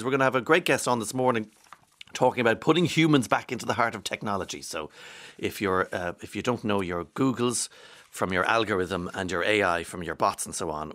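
A man's voice: mid-range voice, fairly bright tone. A man from County Monaghan with an Irish accent, hosting a morning radio show in a rambling, chatty way from a studio microphone. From Ireland, County Monaghan. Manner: chatty, rambling, reads out listener texts. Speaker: radio host. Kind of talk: casual morning radio chat.

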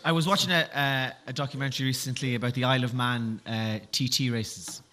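Bright-voiced male host asking questions. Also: medium pitch, fairly even intonation, fairly quick, a little hiss or hum. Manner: jokey, curious questioning. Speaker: chat show host. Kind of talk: interviewing.

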